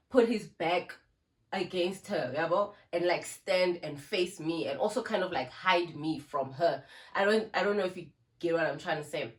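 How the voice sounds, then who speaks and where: A young South African woman with a South African accent, animatedly telling a casual storytime to her phone camera and dropping in Zulu words. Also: on the low side. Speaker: YouTuber. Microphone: phone camera with ring light.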